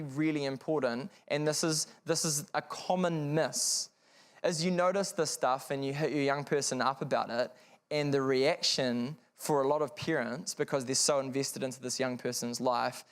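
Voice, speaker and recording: Earnest New man telling his story. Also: mid-range voice. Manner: frank, earnest, conversational with wry asides. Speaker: seminar speaker. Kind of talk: personal storytelling talk to parents. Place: seminar room with an audience.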